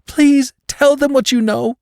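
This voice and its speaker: A man's voice: very high voice, steady tone, normal speed, gravelly, warm tone, dry recording, clean studio sound, pitched above the performer's own voice. A man voicing a terrified young woman who whimpers and pleads with her captor in an audiobook thriller. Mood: sobbing begging.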